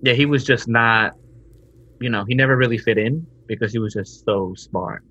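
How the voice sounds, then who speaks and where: A man's voice: medium pitch, normal speed, pushed and bright, slightly rough. A laid-back man co-hosting a podcast, slangy and casual, reading game listings. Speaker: podcast co-host. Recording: dull lo-fi recording.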